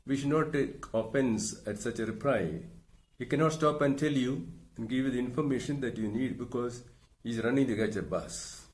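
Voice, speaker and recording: Middle-aged guy teaching, slow and careful, walks through examples. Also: medium pitch. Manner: slow, measured, explains with worked examples. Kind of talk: recorded lecture.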